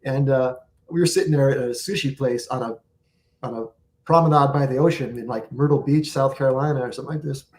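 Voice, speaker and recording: A man in a casual interview, spinning a long story about life on tour. He jumps between scenes and acts out the lines of the people in it. His voice sits in an ordinary middle pitch. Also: brisk, darkish tone. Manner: rambling anecdotes with acted-out quotes. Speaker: guest musician.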